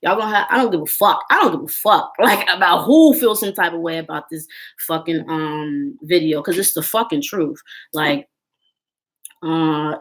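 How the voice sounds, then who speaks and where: A woman's voice: low voice, normal speed. A woman in her twenties, ranting bluntly and heatedly to camera and swearing constantly. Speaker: vlogger.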